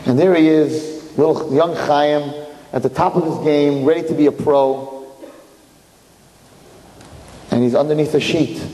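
A man telling a story live to an audience in a room, animated and repeating phrases for emphasis. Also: a little high, reverberant, long reverb tail, low-quality recording.

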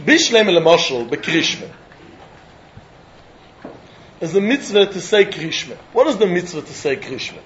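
A man teaches a Talmud lesson in carrying a lilt, his voice sitting high. He keeps pressing rhetorical questions and chuckling as he reasons aloud. The recording sounds dull and lo-fi. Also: a little slow, pauses often, slight background noise. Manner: animated, asks rhetorical questions, chuckles often. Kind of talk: Talmud lecture.

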